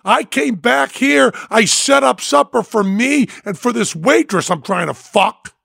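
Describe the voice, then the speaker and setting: Guy doing a mad tough biker magician, yelling and cussing, higher gravelly voice. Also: lively intonation, normal speed, no echo, clean studio sound, full character voice. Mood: furious. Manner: angry, swearing, shouting. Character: tough tattooed biker magician man, furious and crude.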